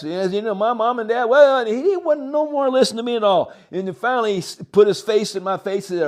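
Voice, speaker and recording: An older man, telling a long story as a guest, animated and halting, with frequent chuckles. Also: sits high. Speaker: interview guest. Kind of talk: rambling storytelling.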